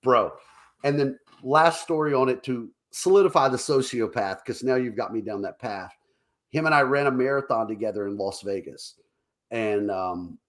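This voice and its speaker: Animated storytelling man. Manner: animated, acts out quotes in higher voices, laughs often. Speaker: podcast co-host. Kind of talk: casual storytelling over drinks.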